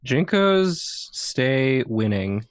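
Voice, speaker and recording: A co-host on a casual stream, adding quick playful quips. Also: mid-range voice, big pitch swings, clean tone, no room sound. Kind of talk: casual chat.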